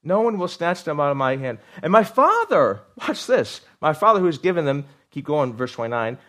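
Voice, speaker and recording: A middle-aged man preaching a sermon, animated, repeating words for emphasis and asking his congregation questions. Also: fairly high pitch, a little fast, few pauses. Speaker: pastor.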